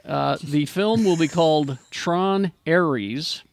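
A man hosting a casual group chat about movie news, joking around and dropping deadpan impressions. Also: a little high, takes it slowly, creaky, slight background noise. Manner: jokey, trades in deadpan one-line impressions. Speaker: podcast host reading movie news.

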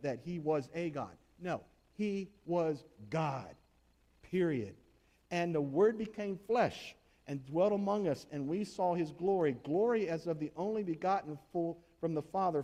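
Male preacher, fairly high voice, emphatic and chatty delivery, frequent rhetorical questions. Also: warm tone. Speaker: pastor. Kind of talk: sermon.

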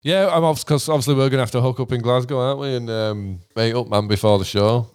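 Sweary rambling British man, smooth voice. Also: mid-range voice, fast talker, a little mellow, no room sound, studio quality. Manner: swears freely, trailing rambling sentences. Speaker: podcast co-host, musician. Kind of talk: casual chat.

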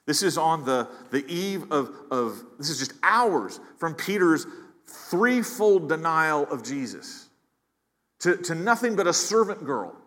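A man's voice: a little high, big pitch swings, a little slow, fairly bright tone. A man preaching a sermon as pastor, earnest, often repeating words as he builds emphasis. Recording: long hall reverb.

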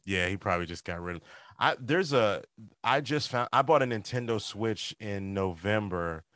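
Low-voiced rambling male podcast host. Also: expressive, moderate pace, fairly bright tone, no room sound. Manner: rambling, self-correcting, filler-heavy. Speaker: podcast host and stand-up comic. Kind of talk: casual podcast chat.

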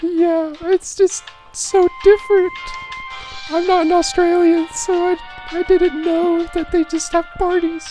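A playful young woman in an improvised comedy sketch, her voice pitched extremely high. She speaks very slowly and stretches her words out. Faint music plays behind her. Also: level tone, warm tone, low-quality recording.

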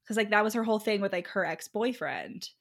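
A young woman co-hosts a casual podcast chat about a book. She is easygoing and rambles through her points with frequent fillers. Her voice sits at a middling pitch. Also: animated, fairly quick, vocal fry. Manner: laughing, filler-heavy, easygoing. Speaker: podcast co-host.

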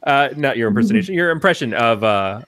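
A man's voice: mid-range voice, quick pace, no echo, clean studio sound. A man co-hosting a casual podcast roundtable, joking and steering the conversation. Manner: joking, lively, steers the talk. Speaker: podcast co-host.

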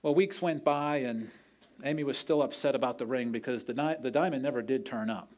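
A man's voice: mid-range voice, fairly quick, darkish tone. A man preaching a sermon, telling a story in an earnest way and acting out the quoted voices. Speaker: pastor.

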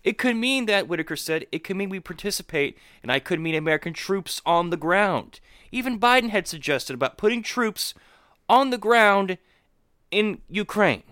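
A man's voice: sits high, moderate pace, no echo, studio quality. A man co-hosting a podcast, giving casual political commentary that swings into incredulous outbursts. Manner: animated, rising to incredulous outbursts. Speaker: podcast co-host.

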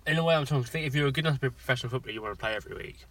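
A man's voice: mid-range voice, very fast, vocal fry, slight background noise. A young man from England co-hosting a podcast in casual chat, rambling and laughing often. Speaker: podcast co-host.

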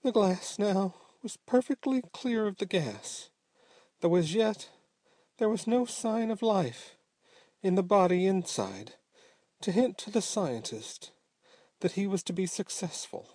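A man narrates an audiobook story in a dramatic, measured way. His voice is mellow and dark, at a middle pitch. It is recorded close and dry. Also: lively intonation, no echo.

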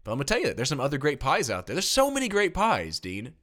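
A man's voice: a little high, wildly swooping pitch, quick pace, fairly bright tone. A man from Tennessee co-hosting a casual chat, joking and reading out listener comments. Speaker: podcast co-host.

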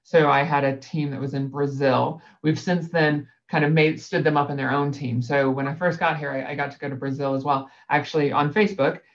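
Guest, casual chat, rambling, frequent fillers, medium pitch, dull recording. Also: steady tone, fairly quick, few pauses. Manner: rambling, lots of fillers, laughs easily. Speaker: guest, sales director. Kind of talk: casual conversation.

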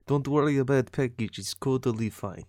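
A man voicing a shady crime handler, talking low and conspiratorial. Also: normal speed, darkish tone, no echo, studio quality, close to an everyday voice. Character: shady male crime handler with mock Russian accent.

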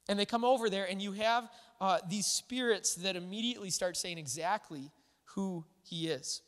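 Brief: a high-voiced man preaching loosely and conversationally, with a long hall echo. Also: normal speed. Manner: conversational, animated, full of "like" and "all right". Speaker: pastor. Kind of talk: sermon. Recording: echoey hall.

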